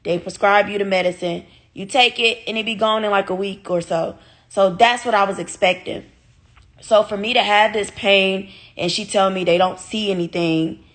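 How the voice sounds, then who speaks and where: A young woman speaking tells her viewers a personal story. She is animated and swears freely, talking straight to her audience in a casual storytime vlog. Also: medium pitch, moderate pace. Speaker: vlogger.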